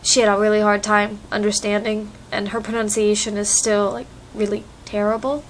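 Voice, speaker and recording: A woman's voice: medium pitch, little pitch movement, moderate pace, a little hiss or hum. A young American woman chatting casually in a vlog, rambling with lots of fillers, recorded on a phone. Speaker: vlogger. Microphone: phone microphone.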